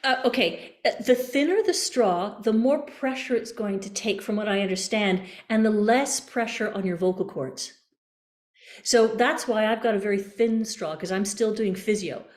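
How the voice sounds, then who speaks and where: A woman's voice: medium pitch, moderate pace, echoey room. A woman voice coach leading a workshop, guiding breathing exercises with playful images and encouragement. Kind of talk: online voice workshop.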